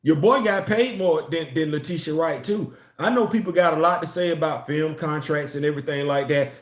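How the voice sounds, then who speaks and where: Man, comics commentary vlog, emphatic and animated, somewhat high voice, roomy echo. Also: brisk. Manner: emphatic, animated, repeats phrases to build a point. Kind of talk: casual opinion vlog.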